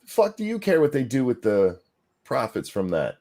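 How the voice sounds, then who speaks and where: Animated, profane man ranting on a stream. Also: medium pitch, moderate pace. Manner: reads chat comments aloud. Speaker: co-host. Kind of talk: casual political commentary chat.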